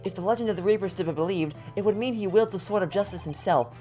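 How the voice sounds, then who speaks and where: A woman voicing a polite young Japanese female assistant in a soft, courteous manner. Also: medium pitch, fast, faint music behind, voice pushed up, natural voice. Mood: concerned.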